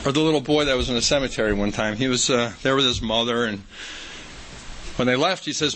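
A man's voice: medium pitch, a little fast, a bit bright, a little hiss or hum, rough recording. A man preaching a sermon in a folksy, storytelling way, with emphatic repetition.

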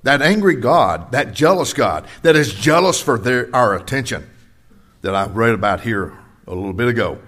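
An older man preaching a sermon to his congregation, swinging between rising emphasis and quiet personal stories. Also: medium pitch, lively intonation, moderate pace. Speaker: pastor.

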